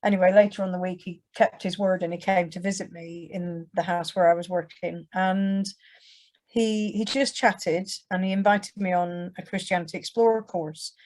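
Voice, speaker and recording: A woman's voice: fairly low pitch, steady tone, normal speed, a little mellow. A young English woman telling her testimony to a church audience in a conversational way, with frequent restarts and acted-out quotes. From England. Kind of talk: personal testimony told to an audience.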